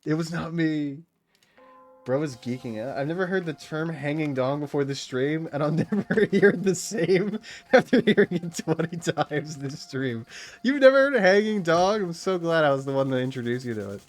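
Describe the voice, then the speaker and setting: A young man streaming, rambling excitably in casual chat, jumping up in pitch when riled and often laughing, at times out of breath. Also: moderate pace.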